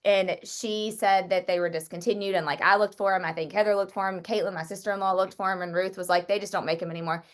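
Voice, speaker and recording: A woman shares a personal story at a Bible study. She talks in a chatty, excitable way, with frequent filler words and a mid-range voice. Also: mid-range voice, fast talker, few pauses.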